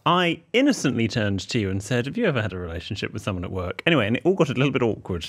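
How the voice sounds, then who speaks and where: Teasing male co-host with a lively voice. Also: mid-range voice, very fast, slightly rough. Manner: teasing, playful. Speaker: podcast co-host. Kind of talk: casual chat.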